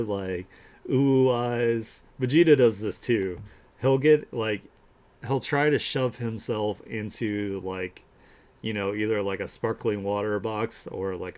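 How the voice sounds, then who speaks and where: Low-voiced man rambling casually on stream. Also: a little mellow. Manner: rambling and upbeat, many fillers and restarts; gushes over the artwork he shows. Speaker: streamer hosting an art share. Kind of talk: casual live-stream commentary.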